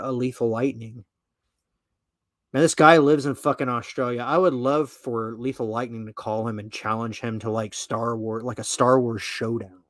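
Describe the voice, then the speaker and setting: A man's voice: mid-range voice, fairly bright tone, no echo. A male podcast host with a mid-range voice reads an article aloud and riffs on it. He rambles, swears freely and trails off into asides. The sound is dry and close. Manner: profane, rambling, full of fillers and asides. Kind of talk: casual commentary, reading an article aloud.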